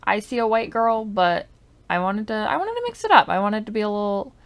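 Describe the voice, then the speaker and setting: Brisk and expressive at a medium pitch, a woman gaming YouTuber talks through her game in a loose, rambling way. Likes and I don't knows pepper her speech, and now and then she mutters softly into the desk microphone.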